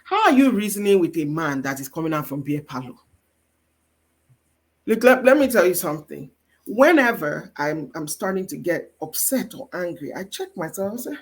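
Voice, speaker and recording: Animated woman with a Nigerian accent. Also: lowish voice, normal speed. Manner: animated, emphatic preacher-like delivery. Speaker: guest mentor. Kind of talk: faith-based marriage teaching.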